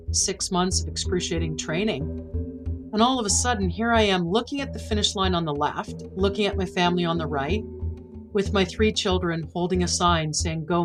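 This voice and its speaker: A woman's voice: fairly low pitch, poor audio. A woman in her forties, a podcast guest earnestly recounting a personal story and acting out the dialogue. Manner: earnest, emotional retelling with quoted dialogue.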